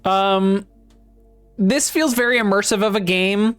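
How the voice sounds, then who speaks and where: A man's voice: high-pitched, a little slow, fairly bright tone, smooth, faint music behind. A man co-hosting a casual book discussion podcast who reads passages aloud and reacts hesitantly, with frequent ums and laughter. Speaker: podcast co-host.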